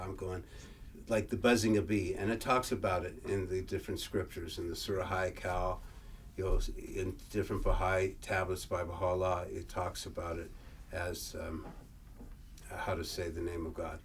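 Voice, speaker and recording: A man presenting a workshop, reading old verse aloud and explaining it in a halting way, often repeating and restarting words. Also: deep voice, level tone. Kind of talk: lecture reading and explaining scripture. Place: workshop room. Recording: distant mic, faint room noise.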